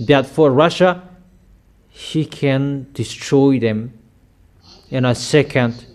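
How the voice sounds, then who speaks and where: Slow, emphatic male preacher. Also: mid-range voice, a little mellow. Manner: slow, emphatic declarations with frequent repetition. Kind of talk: sermon.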